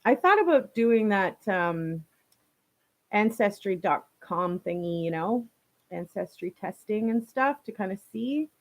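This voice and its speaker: A woman's voice: medium pitch, animated, unhurried. A young woman from Canada hosting a casual live stream. She chats with viewers, reads their comments, laughs often and uses many fillers. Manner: chatty and warm toward viewers, laughs often, many "like" and "you know" fillers.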